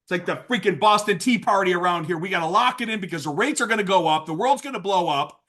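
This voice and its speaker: A man leading a sales training call, energetic and playful, acting out sales lines with lots of hype. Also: sits high, quick pace. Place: video call. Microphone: video call mic.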